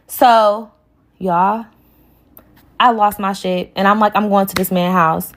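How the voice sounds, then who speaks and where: A young woman recounting a story in a casual, heated way. She swears freely and slips into the voices of the people she quotes. Her pitch sits right in the middle for a woman. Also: fairly even intonation, takes it slowly, long pauses. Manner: heated, profane retelling that acts out quoted dialogue.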